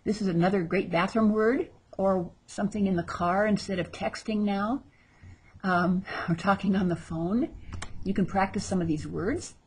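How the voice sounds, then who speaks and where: A woman's voice: mid-range voice, moderate pace, husky. A woman teaching vocabulary in a recorded lesson, repeating each word with exaggerated pronunciation and adding chatty asides. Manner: chatty asides between drills. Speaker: Spanish teacher.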